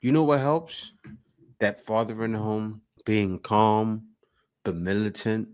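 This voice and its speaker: A man hosting a reaction video, giving opinionated casual commentary in a lively, preachy way. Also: lowish voice.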